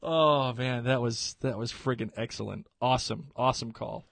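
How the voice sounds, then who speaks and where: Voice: medium pitch, normal speed, creaky, fairly bright tone, no echo. A podcast co-host reacting enthusiastically, with laughter, in casual chat.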